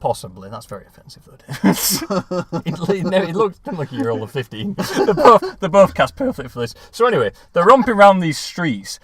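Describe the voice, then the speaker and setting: A man's voice: high voice, fairly quick, crowd noise. A man co-hosting a podcast, telling a comic story with lots of laughter. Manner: animated, laughs often while talking. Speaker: podcast co-host pitching a film idea.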